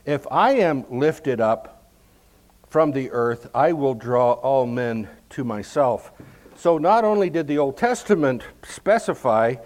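Slow, measured man teaching scripture. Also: a little high. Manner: measured, explanatory, emphatic on key words. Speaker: Bible teacher. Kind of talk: verse-by-verse Bible teaching.

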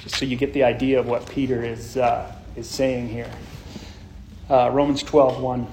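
A man's voice: mid-range voice, flat delivery, moderate pace, darkish tone, a little hiss or hum. A man preaching an expository sermon, earnest and explanatory, often restarting his phrases. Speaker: pastor.

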